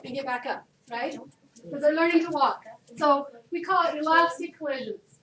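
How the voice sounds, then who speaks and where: A woman's voice: high-pitched, normal speed. Woman chemistry teacher, chatty classroom lecturer who quizzes students; distant mic with room echo. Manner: lively, chatty, asks the class questions. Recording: echoey room, distant, noisy.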